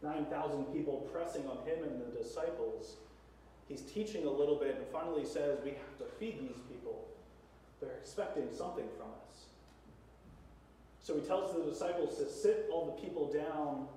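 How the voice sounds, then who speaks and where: A man's voice: fairly high pitch, moderate pace, warm tone, a little hiss or hum. A young man preaching a sermon in a casual, joking storytelling manner. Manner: casual, humorous anecdote-telling. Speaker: youth pastor preaching. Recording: echoey hall, mic at a distance.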